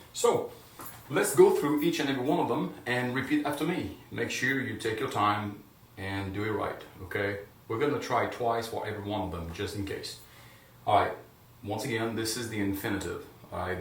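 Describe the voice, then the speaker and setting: A man teaching a video lesson, encouraging his viewers and loudly drilling words for them to repeat. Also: on the low side, slight background noise. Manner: encouraging, loud drilled repetitions. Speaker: Spanish teacher. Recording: echoey room, voice from a distance.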